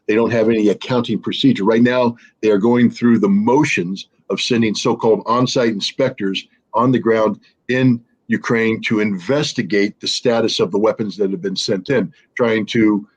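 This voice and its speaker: Husky, emphatic man on a stream. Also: fairly low pitch. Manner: emphatic, storytelling, sardonic. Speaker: guest analyst. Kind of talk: livestream political discussion.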